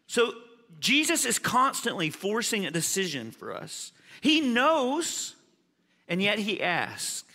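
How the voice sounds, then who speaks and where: A man preaching a sermon as pastor, animated, swinging from loud emphasis to quiet asides. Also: high voice, slow, in a large hall.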